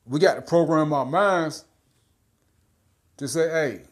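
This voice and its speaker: A man preaching in a loose, street-style monologue, with a voice that sits a little high. His delivery is blunt and profane, broken by stammered filler sounds, and he keeps checking in with "all right?" and "man.". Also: slow pace.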